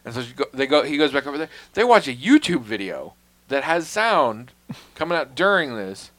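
A man's voice: mid-range voice, very animated, brisk, a bit bright. A man in casual conversation, telling a long story in a wry, self-deprecating way, swearing freely and dropping to a mutter on asides.

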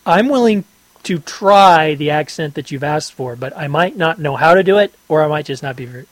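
A man co-hosting a podcast in casual chat, rambling and halting, often laughing. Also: on the high side, animated, no echo, poor audio. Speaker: podcast co-host.

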